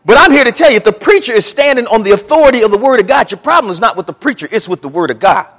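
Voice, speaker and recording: A man preaching a sermon with a high, lively voice that climbs and drops as he acts out each quote in a folksy, animated way. His voice echoes with the long reverb of a church hall. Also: rapid-fire. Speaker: pastor.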